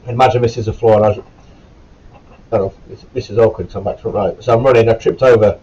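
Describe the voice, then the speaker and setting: Low, mellow-voiced man with a sore throat. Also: fairly even intonation, fast, breathy edge, dull audio. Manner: rambling, self-correcting, informal and sweary. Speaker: former Royal Marine recruit. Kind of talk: casual storytelling to camera.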